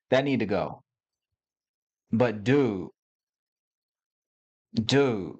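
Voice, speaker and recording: A man's voice: medium pitch, darkish tone. A middle-aged man hosting a casual livestream, talking to viewers in a loose, playful, slangy way. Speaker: host.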